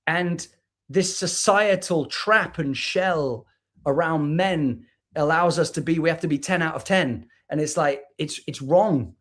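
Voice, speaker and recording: Earnest British man, slightly high voice. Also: measured pace. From United Kingdom. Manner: earnest and reflective, restarts words, acts out quoted voices. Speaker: guest, spoken word artist. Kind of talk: candid conversation on a livestream. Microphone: video call.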